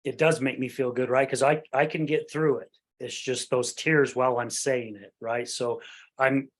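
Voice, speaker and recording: A man hosting a podcast about recovery, with a middle-pitched voice. He talks earnestly and at length, checking in with his guest as he goes. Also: fairly even intonation, normal speed. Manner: earnest, talkative, often adds "right?". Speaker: podcast host. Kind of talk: podcast interview.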